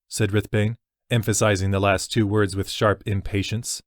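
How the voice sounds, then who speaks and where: A man reading a fantasy novel as narrator in an even, measured way. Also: lowish voice, no echo, studio quality. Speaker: audiobook narrator.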